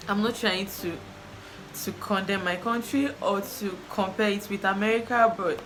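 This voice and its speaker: A woman's voice: mid-range voice, fairly even intonation, moderate pace, noisy background. A woman from Nigeria hosts a reaction video, teary and emotional, rambling and repeating herself as she talks. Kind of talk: casual reaction commentary.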